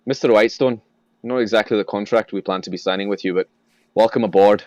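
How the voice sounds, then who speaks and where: A man voicing a gruff old male railroad boss with a coarse, bellowing manner. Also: fairly low pitch, steady tone, fast talker, darkish tone, dry recording, lo-fi sound, lightly acted. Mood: businesslike.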